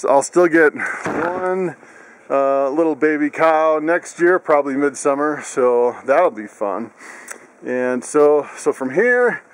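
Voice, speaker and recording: Guy with a slightly high voice doing a casual animal vlog, keeps laughing, gets squeaky with his dogs. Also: background noise. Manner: chatty, laughs often; coos in high excited tones at pets. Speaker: vlogger. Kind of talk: casual walk-through vlog.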